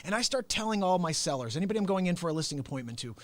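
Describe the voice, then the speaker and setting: A man's voice: sits high, sing-song, rapid-fire. A man hosting his own unscripted live-stream talk show. He tells stories with lots of animation, laughs often, speaks straight to his viewers, and slips into comic impressions. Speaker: host and real estate agent.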